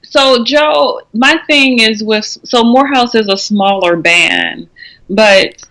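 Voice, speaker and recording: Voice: mid-range voice, takes it slowly, vocal fry, pushed and bright. A young adult podcast co-host giving blunt, opinionated critique in casual chat, with frequent restarts.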